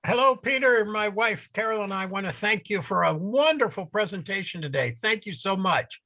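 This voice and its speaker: A man's voice: high voice, animated, moderate pace, pushed and bright. A man in his seventies from Oregon, a friendly, chatty audience member asking a question over a video call. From Oregon, USA. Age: 70s.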